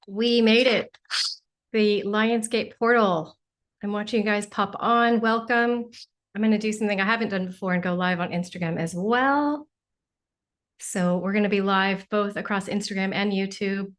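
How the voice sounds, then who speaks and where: A woman's voice: mid-range voice, steady tone, normal speed, fairly bright tone. A woman hosting a casual livestream, effusively greeting viewers as they join, a little sniffly from allergies. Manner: bubbly, effusive, exclaims often. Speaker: livestream host and spiritual teacher.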